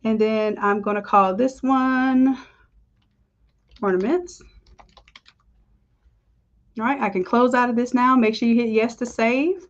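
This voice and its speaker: A woman with a fairly high voice leads a live design tutorial, chatting upbeat with her viewers as she works. The stream audio sounds a little dull and lo-fi. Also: fairly even intonation, unhurried, pauses often. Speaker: design instructor. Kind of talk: live screen-share tutorial.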